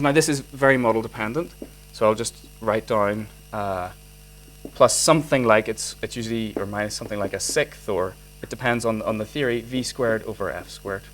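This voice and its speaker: A medium-pitched man with a Northern Irish accent gives an animated physics lecture in a lecture hall and answers student questions, often restarting sentences and using many fillers. The recording is low quality.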